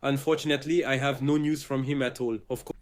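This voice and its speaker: A man, a content creator, telling his followers about a break-in in a halting way, with frequent uhs and restarts. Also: medium pitch, little pitch movement. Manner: hesitant, many uhs and restarts. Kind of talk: video statement to followers.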